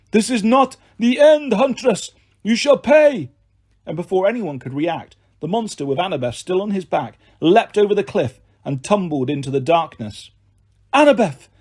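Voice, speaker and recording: A male narrator reads a first-person audiobook with expressive, dramatic flair. His voice is a little high and husky, and his pitch shifts widely from line to line.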